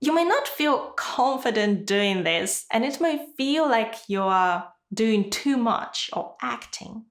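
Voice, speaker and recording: A woman giving a scripted online lesson as an exam-prep teacher, in a clear, measured way. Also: on the high side, animated, roomy sound. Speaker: IELTS teacher.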